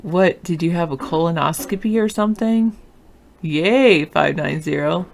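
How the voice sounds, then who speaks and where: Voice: mid-range voice, moderate pace, creaky, a little hiss or hum. A teacher hosting a political talk show, chatting in a loose, offhand and sleepy way while answering viewer comments. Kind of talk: casual chat, reading and answering viewer comments.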